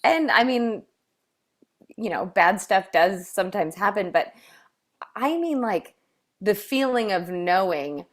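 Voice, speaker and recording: A woman's voice: mid-range voice, lively intonation, slow, long pauses. A woman co-hosting a casual chat, rambling with many fillers and frequent laughs. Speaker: co-host.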